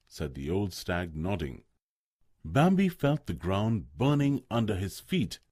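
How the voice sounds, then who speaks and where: A man reading a story aloud for listening practice, expressive and measured. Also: sits low, no room sound, studio quality. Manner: expressive, slow. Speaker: narrator. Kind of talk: storybook narration.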